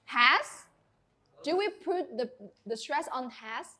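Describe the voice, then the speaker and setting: A woman teaching an English class, speaking in a clear, encouraging and instructive way. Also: sits high, lively intonation, unhurried, slight background noise.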